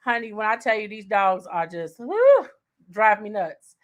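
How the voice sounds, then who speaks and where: A woman hosting a casual livestream from home, chatty and excitable, talking straight to her viewers. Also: medium pitch, normal speed. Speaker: livestream host.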